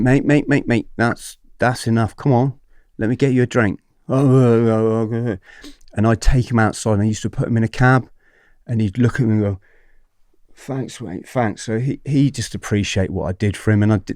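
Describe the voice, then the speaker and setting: A man's voice: on the low side, a little mellow, no echo, studio quality. A man in his forties telling a story as a podcast guest, acting out what other people said, swearing and laughing often.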